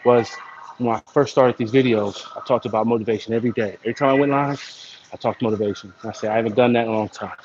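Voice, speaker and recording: A man's voice: medium pitch, fast talker. American man, gym livestream, casual and rambling, muffled with background noise. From United States. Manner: rambling, self-motivating. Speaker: vlogger. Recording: dull lo-fi sound with steady noise.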